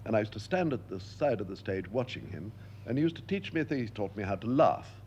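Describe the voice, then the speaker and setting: An older man being interviewed, telling lively stories and acting out the voices he quotes. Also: lowish voice, a little fast, highs cut off, a little hiss or hum. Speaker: interviewed actor. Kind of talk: anecdotal interview talk.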